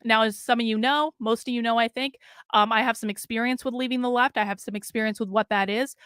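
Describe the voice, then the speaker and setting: Woman streamer, blunt and opinionated, casual live commentary, clear resonant voice, higher-pitched, dry close sound. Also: steady tone, fast talker, a bit bright, no echo.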